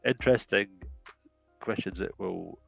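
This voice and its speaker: A man's voice: low-pitched, a little slow, gravelly, fairly bright tone, breathy edge, no echo, faint music behind. A man talking as a guest on a casual chat show, joking, rambling and mocking himself. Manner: jokey, rambling and self-mocking.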